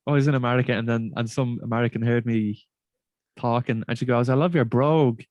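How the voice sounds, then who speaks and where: Man, halting and colloquial. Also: mid-range voice, steady tone, a little mellow, dry recording, lo-fi sound. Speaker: comedian guest. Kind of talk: casual chat.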